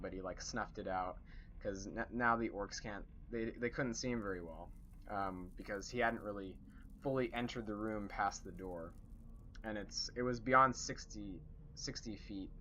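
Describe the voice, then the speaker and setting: A man's voice: lowish voice, bright, forceful tone, muffled recording, slight background noise. A young man recapping a tabletop game session as its game master, rambling with fillers and self-corrections.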